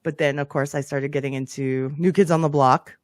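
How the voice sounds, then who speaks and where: A woman's voice: low-pitched, steady tone, a little fast, a crowd in the background. A woman from Canada, a podcast guest, telling stories of her youth in an upbeat, chatty way with easy laughter. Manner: upbeat storytelling, laughs easily. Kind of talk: casual chat.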